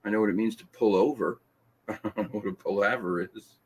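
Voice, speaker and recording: A man's voice: fairly low pitch, steady tone, brisk, a little mellow, husky. A man hosting a casual live stream, reading comments aloud, teasing and laughing often with stumbling restarts. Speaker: podcast host reading live chat.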